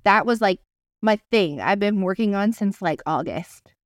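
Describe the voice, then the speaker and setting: Brief: woman co-host, middle pitch, loose rambling talk, hunts for words. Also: lively intonation, moderate pace, dry recording, clean studio sound. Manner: rambling, searches for words, casual swearing. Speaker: podcast co-host. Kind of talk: casual chat.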